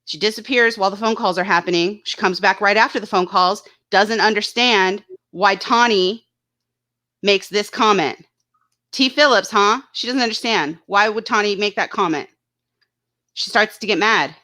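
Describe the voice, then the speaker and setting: Bright-voiced woman in blunt casual commentary. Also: mid-range voice, normal speed. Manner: blunt and indignant, swears freely. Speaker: YouTube channel host. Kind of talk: casual commentary reading viewer chat.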